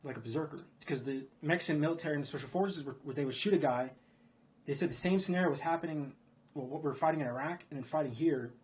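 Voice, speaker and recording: A man's voice: a little high, fast, darkish tone, lo-fi sound. A man ranting about the news, swearing freely and asking rhetorical questions as he repeats his points. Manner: profane, repetitive, rhetorical "guess what" questions. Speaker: video blogger.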